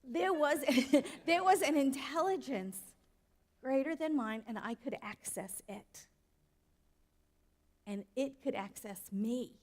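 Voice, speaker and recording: A woman's voice: high-pitched, animated, slow pace, long pauses, a little mellow. A woman minister giving a sermon in a conversational way, often asking the audience questions. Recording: long hall reverb.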